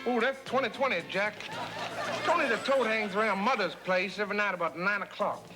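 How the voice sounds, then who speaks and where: A man voicing a slick, slangy street informant in a TV parody, fast and smooth. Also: high voice, over music, voice pushed up, natural voice. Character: slick jive-talking street informant, male.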